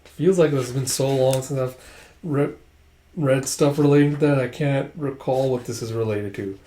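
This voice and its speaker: A man hosts a casual manga read-along, reacting aloud as he reads. His voice is mellow and dark. The room adds a clear echo. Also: mid-range voice, moderate pace. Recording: echoey room.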